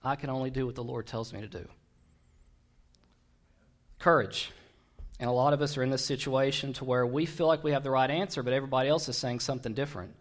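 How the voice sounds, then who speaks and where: A man preaching a sermon, retelling a Bible story in a conversational, digressive way with wry asides. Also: mid-range voice.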